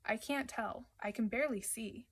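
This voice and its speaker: A woman voicing a gentle, thoughtful young girl with a soft, pleading way of speaking. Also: on the high side, normal speed, husky.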